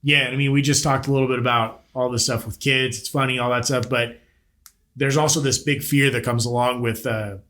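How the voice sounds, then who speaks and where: A man's voice: medium pitch, fairly even intonation, a little fast, fairly bright tone. Thirties male podcast host, mid-range voice, blunt, jokey, swears a lot. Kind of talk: casual interview chat.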